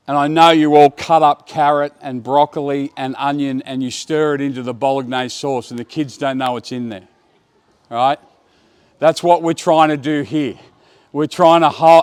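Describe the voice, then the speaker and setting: A man running a basketball coaching clinic, giving brisk commands to players and explaining drills to the watching coaches. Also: a little high, clean tone. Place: indoor basketball court.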